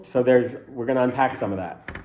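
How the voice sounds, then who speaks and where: A man's voice: mid-range voice, fairly quick, a little mellow. A man teaching a casual Bible study class to a group in a room, explaining the text by asking a string of questions.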